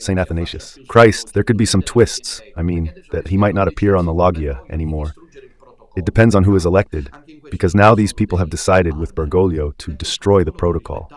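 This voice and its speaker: A man's voice: deep voice, a little mellow. A man with an Italian accent giving impassioned religious commentary on the radio, emphatic and rhetorical, often asking his listeners if they understand. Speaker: radio preacher.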